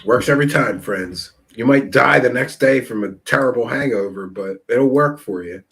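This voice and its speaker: A man's voice: mid-range voice, moderate pace, vocal fry, fairly bright tone. A man hosting a live stream, chatting casually with viewers and telling rambling stories through laughter. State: tipsy. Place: Seattle area.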